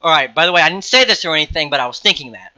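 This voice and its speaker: Teenage boy, high voice, very bright and sharp, rambling, profane, casual vlog storytelling. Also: expressive, racing. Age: teens. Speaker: vlogger.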